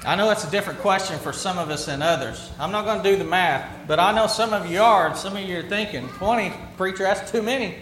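Preacher guy with a high voice, chatty sermon, lots of questions to the church, roomy echo. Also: fast, few pauses, fairly bright tone, a little hiss or hum. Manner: conversational, asks the congregation questions. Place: church sanctuary.

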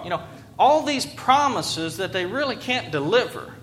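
Brief: pastor, man, thirties, sharp bright voice, talks with his congregation in a sermon. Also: high voice, sing-song, moderate pace, a little hiss or hum. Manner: conversational, asks the congregation questions.

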